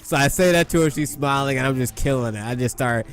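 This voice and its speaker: A man's voice: mid-range voice, quick pace, soft background music. A young man, a gaming YouTuber, telling a boastful, profane, rambling story in casual talk into a desk mic. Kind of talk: casual storytelling over gameplay.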